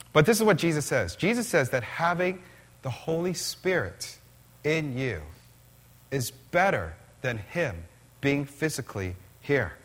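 A man preaching a sermon in a church, animated and conversational, asking the congregation questions. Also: on the high side, measured pace. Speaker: pastor.

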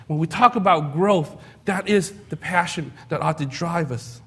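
A man's voice: a little high, moderate pace, vocal fry, fairly bright tone, husky. A man preaching a sermon in a conversational way, telling stories with rhetorical questions and self-deprecating humor. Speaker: pastor.

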